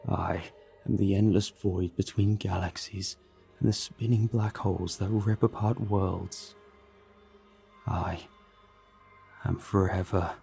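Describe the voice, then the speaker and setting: Guy doing a creepy texas monster voice, slow drawl, low and dark, faint music behind. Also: steady tone, vocal fry, full character voice. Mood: grandiose.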